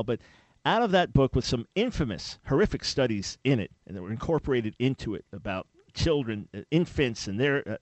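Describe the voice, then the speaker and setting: A man hosting a call-in radio talk show, speaking in an emphatic, animated preaching style with sudden loud peaks. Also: medium pitch, no echo.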